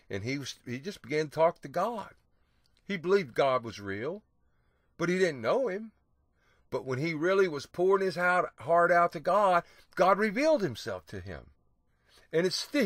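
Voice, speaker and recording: A man's voice: on the high side, fairly bright tone, no echo, studio quality. A man teaching the Bible on the radio, reading scripture aloud with emphasis and breaking in with hallelujahs and rhetorical "see?". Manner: exclaims hallelujah, asks "see?"; reads old scripture wording slowly and emphatically.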